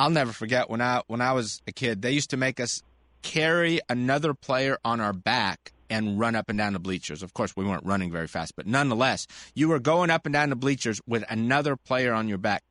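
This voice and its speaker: Bright, chatty man hosting a radio show. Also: medium pitch, dry recording, clean studio sound. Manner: animated, chatty, laughs easily. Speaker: radio show host, sports medicine doctor. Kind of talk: call-in radio chat.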